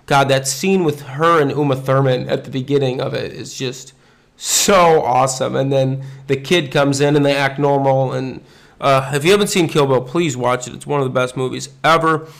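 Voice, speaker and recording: A man's voice: medium pitch, steady tone, normal speed, creaky. A man talking casually and enthusiastically, rambling with frequent ums and restarts as he ranks his favorite actors. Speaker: host ranking favorite actors. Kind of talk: casual unscripted commentary.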